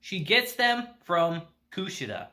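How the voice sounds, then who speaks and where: A male anime reviewer rattles through an episode recap in a chatty, animated way. His voice is bright and edgy, and his pitch swings all over the place. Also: slow. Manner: animated, chatty, laughs often.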